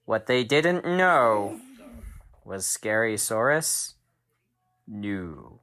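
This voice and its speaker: Brief: storytelling dad, slow dramatic delivery, bright forceful tone, throws in sound effects. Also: male voice, on the low side. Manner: animated, with sound effects and drawn-out pauses. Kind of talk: bedtime story told aloud to a child.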